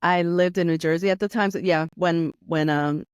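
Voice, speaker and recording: A woman's voice: on the low side, fairly even intonation, normal speed, clear, resonant tone, no room sound, clean studio sound. A middle-aged woman from New York, talking casually as an interview guest, with many fillers and the odd Spanish phrase. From New York, USA. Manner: chatty, many fillers like "you know" and "like".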